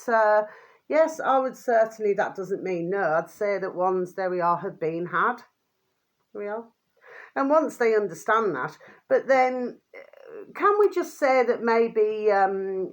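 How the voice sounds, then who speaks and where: An older woman vlogging in a rambling casual monologue, full of fond pet names, fillers and trailing restarts. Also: mid-range voice.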